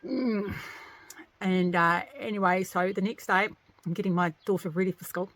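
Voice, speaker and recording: A woman vlogger, a single working mother, telling a story to camera in a casual, exasperated, animated way. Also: mid-range voice, moderate pace. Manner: animated, venting, exasperated retelling.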